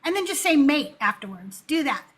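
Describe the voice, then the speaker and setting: A woman's voice: sits high, very animated, brisk, a bit bright. A woman hosting a casual livestream Q&A, bubbly and playful, giggling as she teases and reads out viewer questions over a video call. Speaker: host.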